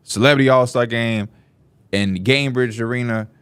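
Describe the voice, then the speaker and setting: A man co-hosting a podcast, telling stories in an animated way and acting out the voices of people in them. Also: medium pitch, moderate pace, smooth, no echo. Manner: animated, laughing, acts out voices in his stories. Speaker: podcast co-host. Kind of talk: casual storytelling among friends.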